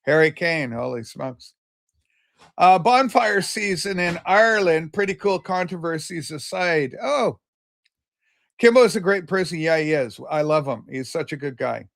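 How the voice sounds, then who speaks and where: Man with a fairly high voice, a rambling livestream host greeting viewers and reading comments aloud. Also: lively intonation, measured pace, creaky. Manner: loose and chatty, with many fillers and restarts. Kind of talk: casual livestream chat.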